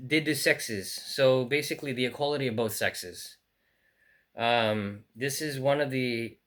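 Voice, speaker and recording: A man's voice: medium pitch, fairly bright tone. Man rambling through a book unboxing. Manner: rambling, thinking aloud with fillers and restarts. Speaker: book collector. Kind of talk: casual unboxing vlog. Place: in France.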